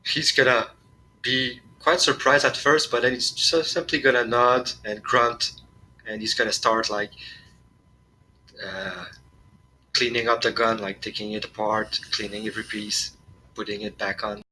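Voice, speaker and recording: A man playing a tabletop game narrates his character's actions in a steady, descriptive way. His voice is very bright and sits over faint background noise. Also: lowish voice, unhurried, rough recording. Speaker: player. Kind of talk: tabletop role-play narration.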